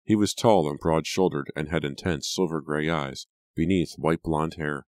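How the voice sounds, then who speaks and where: A man reading a novel aloud as audiobook narrator, measured and deliberate. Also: rumbling low, steady tone, a little mellow, no room sound, studio quality. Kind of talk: scripted narration.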